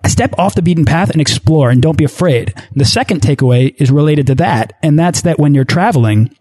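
A man's voice: fairly high pitch, animated, brisk, mellow, husky. A man hosting a travel podcast interview, speaking with encouraging enthusiasm. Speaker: podcast host.

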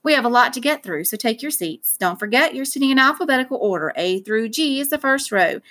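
Female reader as a loud, annoyed teacher, brisk and bossy. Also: fairly high pitch, lively intonation. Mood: impatient.

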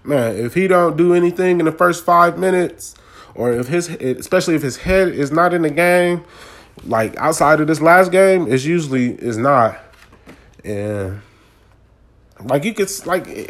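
A man, ranting casually and animatedly about a sports game in slangy talk. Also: fairly high pitch. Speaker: sports commentator.

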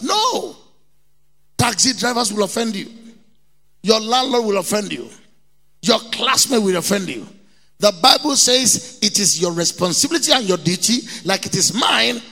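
Middle-aged Nigerian man, pastor delivering an emphatic sermon, high gravelly voice. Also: pushed and bright, long reverb tail. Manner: emphatic preaching, repeats key words, mimics people in anecdotes.

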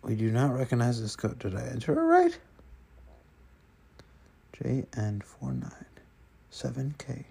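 A man's voice: medium pitch, huge pitch swings, measured pace, gravelly, pauses often, mellow, slightly rough. A man chatting casually and rambling to himself while browsing online, swearing often and muttering under his breath. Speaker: vlogger.

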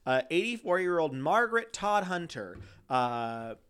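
A man co-hosting a chatty true-crime podcast, his voice sitting a little high and swinging up and down in pitch as he reads. He breaks off from the case notes for joking asides and laughs often. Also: sing-song, a little slow, a bit bright, clean tone. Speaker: podcast co-host.

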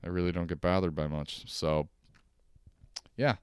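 A man's voice: sits low, fairly even intonation, unhurried, darkish tone, slight background noise. A young man hosting a solo comedic podcast from his couch, ranting sarcastically and swearing often. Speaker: podcast host. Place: at home on a couch.

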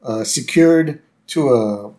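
A man co-hosting a podcast, chatting casually through an episode recap, relaxed and hesitant with fillers. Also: medium pitch, slow. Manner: relaxed, hesitant with fillers, quotes lines in a plain voice. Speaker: podcast co-host.

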